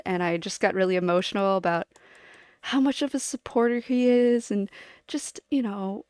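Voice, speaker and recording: A woman's voice: mid-range voice, smooth, dry recording, studio quality. A woman streamer chatting casually to her viewers, rambling and giggling as she jumps from one topic to the next.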